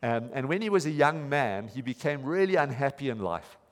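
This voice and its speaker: A man preaching a sermon as pastor, telling a story earnestly and slowing down to stress his points. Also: mid-range voice, sing-song. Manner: earnest, storytelling, slows for emphasis. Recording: reverberant hall.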